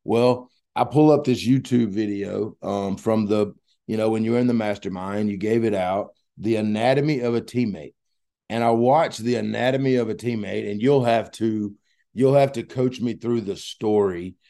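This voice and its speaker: Male podcast host, gravelly and low; keen, rambling interviewer. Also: moderate pace, dark tone. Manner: enthusiastic, rambling.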